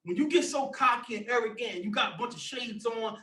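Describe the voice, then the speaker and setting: A man leading a religious discussion, preaching forcefully and breaking into shouts. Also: very high voice, fairly quick, few pauses, roomy sound, far from the mic. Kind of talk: fiery preaching.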